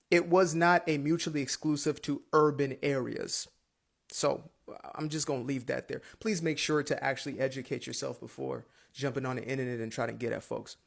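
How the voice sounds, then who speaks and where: A man's voice: mid-range voice, creaky. A man hosting a commentary video, lecturing through a rebuttal with dates and facts.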